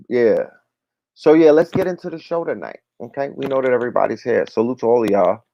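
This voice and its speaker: A man's voice: medium pitch, quick pace, gravelly, dry recording. Slangy man hosting a dry lo-fi livestream. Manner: loose, slangy, repeats "you know what I'm talking about". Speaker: livestream show host. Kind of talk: casual livestream chat with viewer shout-outs. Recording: dry, dull lo-fi stream audio.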